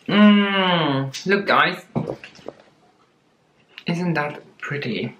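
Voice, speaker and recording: A woman's voice: low-pitched, lively intonation, a bit bright, muffled recording. A woman unboxing plant gifts in a casual vlog, gushing and exclaiming as she talks. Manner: gushing, exclamatory, slow and drawn-out. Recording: echoey room with noticeable background noise.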